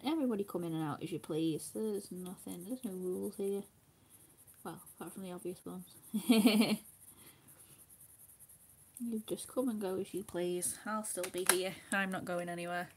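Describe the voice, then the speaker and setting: A woman's voice: medium pitch, moderate pace, slight background noise. A woman chatting casually while she colours, laughing often and dropping to a near whisper when she concentrates. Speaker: craft livestream host.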